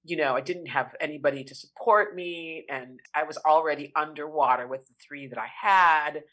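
Heartfelt woman telling her story. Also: low voice. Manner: heartfelt, expressive, slows down to savor words. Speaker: interview guest. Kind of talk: emotional personal storytelling.

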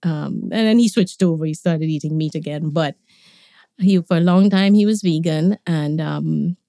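A woman, a podcast guest, tells stories about her family in a relaxed way and laughs often. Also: low-pitched, normal speed, dry recording, studio quality. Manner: warm reminiscing, laughs often. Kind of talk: conversational storytelling.

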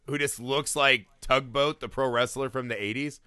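A man talking casually about a movie with friends, animated, laughing often and acting out lines from scenes. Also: mid-range voice, normal speed, clean tone, no room sound, studio quality. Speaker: podcast co-host.

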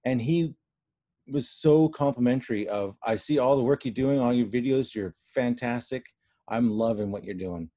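A man working as a real estate agent, speaking earnestly and a bit haltingly in a casual chat. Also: mid-range voice, mellow, dry recording, clean studio sound. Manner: earnest, hesitant, many fillers. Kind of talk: casual conversation.

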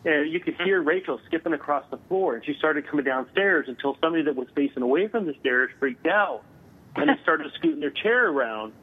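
A man's voice: a little high, breathy edge. Man telling a story over a tinny phone line. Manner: halting, many filler sounds, animated retelling. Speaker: guest paranormal investigator.

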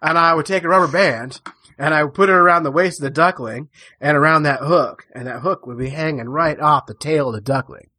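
A man's voice: fairly high pitch, brisk, bright, forceful tone, dry recording. A man putting on the voice of an old male fisherman in his seventies who tells his story in a plain, matter-of-fact way. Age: 70s.

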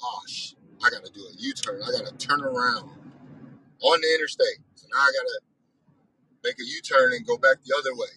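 A man's voice: mid-range voice, wildly swooping pitch, fairly quick, sharp tone, a little hiss or hum, poor audio. A man hosting a weekly discussion, telling a story in a casual monologue with exasperated, profane and self-reflective talk.

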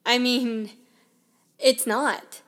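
A young woman with a fairly high voice tells a personal story to her listeners. She talks candidly and conversationally, with plenty of "like" and "I mean." It sounds like an open, unscripted podcast monologue. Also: fairly even intonation, extremely slow, a bit bright. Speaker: podcast host.

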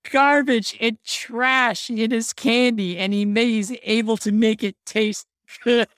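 A woman co-hosting a casual podcast chat, excitable, laughing often and saying "like" a lot. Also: a little high, unhurried, no room sound, clean studio sound. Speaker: podcast co-host. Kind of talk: casual chat about a film.

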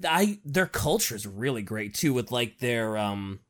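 Playful young man with a lively voice. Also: medium pitch, a little slow. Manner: playful, joking, trails off. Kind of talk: casual chat about books.

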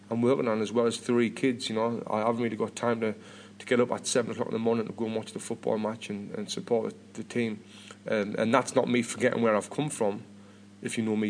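A British podcast host in his thirties chats casually with a fairly low, darkish voice, rambling along with lots of restarts and repeated words. There's slight background noise.

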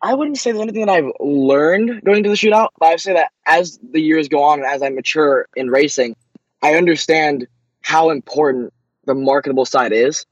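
A young man, a racing driver, answering interview questions eagerly, with many quick restarts. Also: a little high, dry recording, muffled recording.

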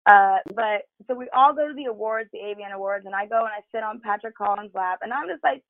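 A woman's voice: mid-range voice, quick pace, dry recording, narrow, tinny audio. A woman guest on a talk show, telling candid, profane stories in casual chat with lots of fillers. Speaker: podcast guest.

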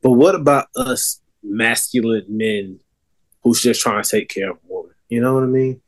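A man's voice: medium pitch, normal speed. A young man co-hosting a casual podcast, talking in a loose, rambling way with many fillers and restarts. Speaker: podcast co-host. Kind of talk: casual chat.

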